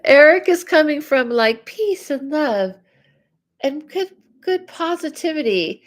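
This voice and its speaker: A woman's voice: high voice, expressive, takes it slowly. A woman psychic host giving live readings, chatty and reacting to viewer comments aloud. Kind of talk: live-stream reading chat.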